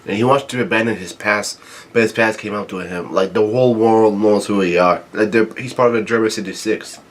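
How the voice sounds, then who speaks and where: A man's voice: lowish voice, a little fast. Man rambling through a manga chapter. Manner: thinks aloud, correcting himself mid-sentence. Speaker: manga reader reacting to a new chapter. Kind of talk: casual read-along commentary.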